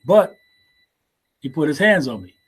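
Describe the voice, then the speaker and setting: An older man in his sixties speaks with a fairly high pitch, unhurried and laid-back. He stumbles and repeats words as he restarts his thoughts. The tone is that of a relaxed interview guest recalling his past. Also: husky. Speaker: guest, martial arts teacher. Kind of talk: casual storytelling interview.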